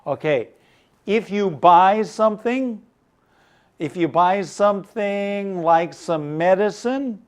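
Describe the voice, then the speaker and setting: Insegnante maschio, voce un po' alta, ritmo lentissimo, spiegazioni pazienti parola per parola, qualche colpo di tosse. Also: male voice, sits high, lively intonation, slow. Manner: reads a story line by line, then explains each word with examples and a Chinese gloss; clears his throat often. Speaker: English teacher. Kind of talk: slow explanatory lesson for Chinese-speaking learners.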